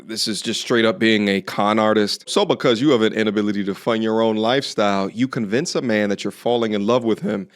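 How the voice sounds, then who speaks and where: A man hosting a reaction commentary, scornful and lecturing. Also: mid-range voice. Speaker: commentary host.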